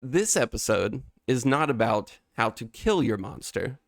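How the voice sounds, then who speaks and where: A man's voice: mid-range voice, measured pace, no room sound, clean studio sound. A man co-hosting a podcast who tells stories vividly, in a casual chatty way. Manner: vivid storyteller, acts out panicked and calm voices in his telling. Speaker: podcast co-host. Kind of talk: casual podcast chat with a dramatic monologue.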